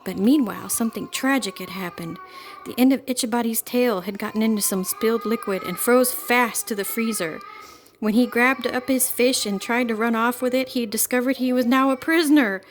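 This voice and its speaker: Lady reading a kids' halloween storybook out loud, kinda high voice, expressive. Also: normal speed. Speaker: storybook reader. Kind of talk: reading a children's book aloud.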